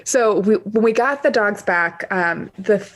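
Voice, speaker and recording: A chatty woman guest tells her story in a relaxed podcast chat. Her pitch sits in an ordinary middle range. She fills her talk with casual fillers and keeps an animated flow. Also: measured pace, slight background noise.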